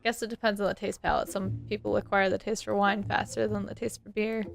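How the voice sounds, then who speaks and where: A woman's voice: medium pitch, flat delivery, fairly quick, creaky, faint music behind. A woman, tipsy, co-hosting a let's play at home, chatting playfully and insisting on her points. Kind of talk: casual gaming chat.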